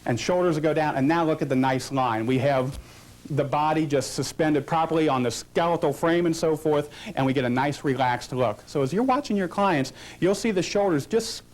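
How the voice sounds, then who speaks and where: A man with a voice pitched a little high gives a hands-on photography lesson. He asks questions and answers them himself, then coaches a model through each pose with short prompts. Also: moderate pace, a little mellow. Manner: explains with rhetorical questions, coaching a posing model. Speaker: photography instructor. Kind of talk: instructional demonstration.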